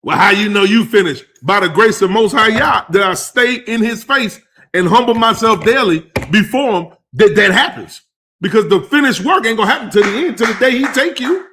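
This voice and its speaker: Male preacher, high voice, conversational sermon, punchy emphasis. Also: lively intonation, moderate pace. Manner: emphatic and conversational, rising to loud stresses. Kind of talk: sermon teaching.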